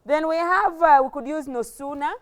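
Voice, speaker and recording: A woman's voice: high voice, moderate pace. A woman with a Ugandan English accent teaching a classroom grammar lesson, explaining step by step and asking rhetorical questions.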